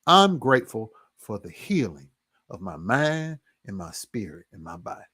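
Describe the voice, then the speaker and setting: A man vlogging a personal testimony in an earnest, reflective storytelling manner, casual in speech and at times dropping to a near hush. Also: lowish voice, very animated, moderate pace, breathy edge.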